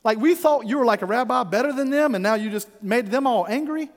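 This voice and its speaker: A man's voice: high-pitched, wildly swooping pitch, fairly quick, slightly rough, long reverb tail, full character voice. A man voicing a group of nervous, embarrassed male disciples who fuss and plead in an anxious, whiny way. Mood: fretful.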